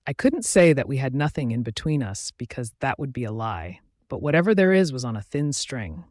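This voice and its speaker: A man reading a first-person story aloud as narrator in a steady, even manner. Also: mid-range voice, a little fast, no echo, studio quality.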